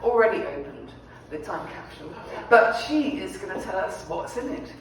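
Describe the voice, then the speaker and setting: A woman's voice: mid-range voice, very animated, normal speed. A woman pastor chattily introducing a guest at a church celebration, laughing often. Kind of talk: informal event introduction. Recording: echoey hall, distant mic, faint noise.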